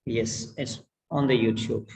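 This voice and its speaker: Slow repetitive teacher, male. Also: mid-range voice, fairly even intonation, creaky, darkish tone, rough recording. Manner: repetitive, drills sounds over and over. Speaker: English pronunciation teacher. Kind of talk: online class lecture.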